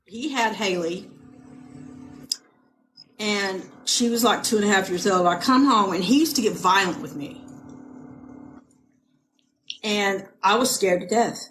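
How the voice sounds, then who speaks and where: A middle-aged woman from California tells a hard personal story as a podcast guest. She talks in emotional, halting bursts, repeating words and starting over. Faint noise sits under her voice. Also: mid-range voice, a bit bright. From United States (California). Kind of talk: personal testimony in a podcast interview.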